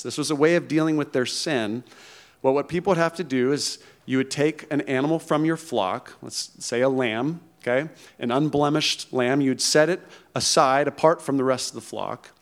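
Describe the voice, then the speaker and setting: A male pastor preaching a conversational sermon who often checks in with the congregation. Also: fairly high pitch. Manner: conversational, emphatic, checks in with "okay?" and "right?".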